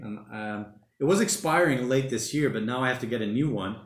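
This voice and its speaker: Stuck at home during lockdown, a man hosts a casual livestream, reading viewer comments and rambling in a relaxed way, saying "mate" and "bloody" a lot. His voice is medium in pitch, with a roomy sound.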